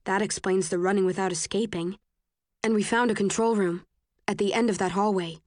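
A woman reading a first-person novel aloud in a measured, even way. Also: medium pitch, dry recording, studio quality. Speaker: audiobook narrator.

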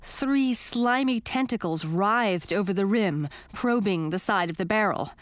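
A woman narrating a children's storybook in an expressive, animated way. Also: medium pitch, unhurried, dry recording. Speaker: audiobook narrator.

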